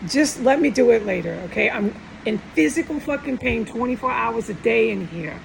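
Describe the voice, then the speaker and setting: Upset, gravelly-voiced woman rambling emotionally. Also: fairly high pitch, lively intonation, moderate pace, noisy background. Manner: rambling, upset, trailing off and restarting. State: tearful. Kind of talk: emotional personal monologue.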